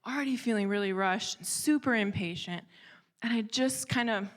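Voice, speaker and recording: A woman preaching a sermon in an animated, conversational way, with asides and acted-out dialogue. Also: mid-range voice, normal speed. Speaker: church speaker. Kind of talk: storytelling sermon.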